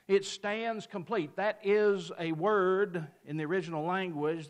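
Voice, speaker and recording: A man's voice: fairly high pitch, a bit bright. A man giving an emphatic sermon-style Bible lesson, lifting his voice on quoted verses and dropping it at the ends of phrases. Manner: mimics a picky customer in a folksy aside. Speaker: preacher.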